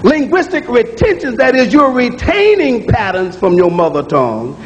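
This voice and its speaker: Male lecturer with a very high voice, emphatic and repetitive, heard in a reverberant hall. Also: sing-song, moderate pace, muffled recording, a little hiss or hum. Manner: emphatic, repeats key phrases, sounds out speech sounds aloud. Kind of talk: public lecture to an audience. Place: lecture room with audience.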